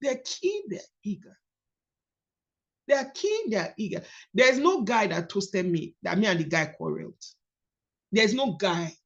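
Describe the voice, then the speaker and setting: A woman's voice: mid-range voice, unhurried. A woman coaches a group over a video call, her voice sitting in a middle register. She leans on repetition, saying key phrases twice to drive them home. The audio is dull and lo-fi, typical of an online meeting. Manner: expressive, repeats key phrases for emphasis. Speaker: coach leading a book study.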